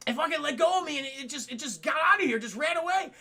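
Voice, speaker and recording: A man's voice: extremely high pitch, lively intonation, racing, pushed and bright, voice pushed up, heavily acted. A man voicing a shaken young male hero who talks in a breathless, rattled way.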